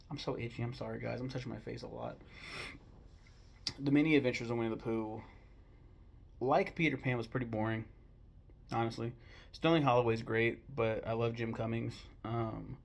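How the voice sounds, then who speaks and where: A young American man ranking animated films in a casual, blunt, profane and rambling way, with sudden bursts of mock outrage. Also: medium pitch, creaky. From United States. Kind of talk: casual opinion talk.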